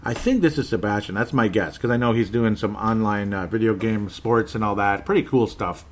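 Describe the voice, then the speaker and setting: A man's voice: fairly low pitch, a little fast. A man hosting a sports podcast in casual chat, rambling, chuckling often and correcting himself as he reads listener comments.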